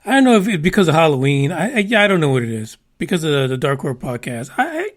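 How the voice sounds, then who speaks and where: A man's voice: on the high side, very animated, fast talker. A man hosting a podcast, chatting casually about news with rambling, profane, wisecracking asides. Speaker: podcast host.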